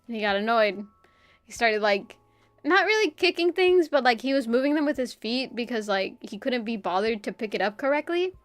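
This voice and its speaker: A young woman speaks into a streaming mic in a dry, close sound, her voice sitting a little high. She chats casually with her audience and tells a personal story in an animated way. She swears freely and laughs between her phrases. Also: normal speed, dry recording.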